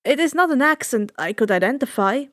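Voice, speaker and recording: A woman's voice: sits high, animated, a little fast, no echo, clean studio sound. A woman voicing a skeptical ancient Greek sailor in a fan fiction reading, puzzled and wry.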